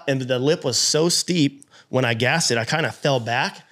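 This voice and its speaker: A man guest on a podcast, telling a story in an animated way and acting out his own past lines with plenty of swearing. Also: mid-range voice, moderate pace. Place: podcast studio.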